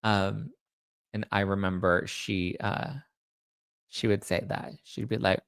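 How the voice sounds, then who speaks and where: A man's voice: on the low side, flat delivery, slow pace, creaky, pauses often, smooth, no echo. A man hosting a celebrity gossip show, chatting casually in a rambling way and reading out viewer comments. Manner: rambling, chatty, restarts and self-corrects. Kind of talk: casual chat.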